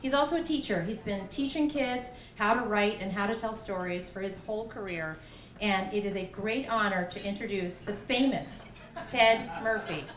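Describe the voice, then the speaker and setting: A woman's voice: medium pitch, normal speed, background noise. A woman hosting a storytelling night, enthusiastically introducing the next speaker. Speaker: event host. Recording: echoey room.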